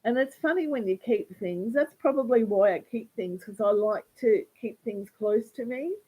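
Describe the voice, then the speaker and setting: A woman vlogger talking in a rambling, halting livestream monologue, often repeating words. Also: on the high side, warm tone, husky, rough recording.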